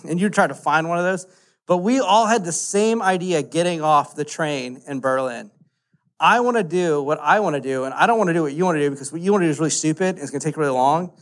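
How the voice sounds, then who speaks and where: A man, preaching a casual, animated story-driven sermon full of "like" fillers. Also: on the high side. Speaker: pastor.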